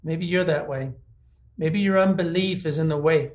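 A man's voice: a little high, moderate pace. A man preaching a conversational sermon, asking his listeners many rhetorical questions. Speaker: pastor.

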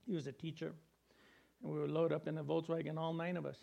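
A middle-aged pastor from New Mexico delivers a sermon. His voice sits fairly high for a man. He keeps it conversational and leans on repeated words for emphasis. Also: level tone, fast talker, vocal fry, mellow, muffled recording. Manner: conversational preaching with emphatic repetition.

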